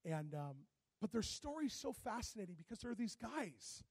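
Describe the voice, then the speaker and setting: A man preaching a fervent sermon, rising to shouted exhortations and calling for responses from the congregation. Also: sits high, very animated, moderate pace, slightly rough, no room sound.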